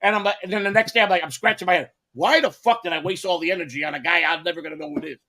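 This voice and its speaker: A man in casual podcast chat, loud, profane and quick to blow up in anger. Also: high voice. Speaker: podcast guest.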